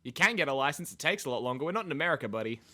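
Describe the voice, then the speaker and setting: A man's voice: mid-range voice, expressive, very fast, bright, forceful tone. An Australian man co-hosting a podcast, joking around in casual banter and swearing freely. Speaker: podcast co-host.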